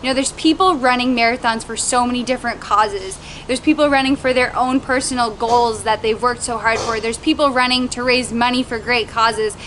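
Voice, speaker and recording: Young woman telling a race story, high voice, bright and lively, faint background noise. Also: brisk, few pauses. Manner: animated, acts out quotes in a higher voice. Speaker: vlogger recounting her first marathon. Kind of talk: casual storytelling.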